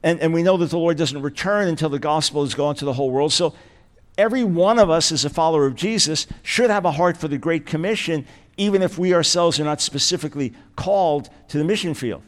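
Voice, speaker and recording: A man's voice: on the high side, quick pace. A man as guest preacher delivering a sermon, emphatic and repeating key words for weight.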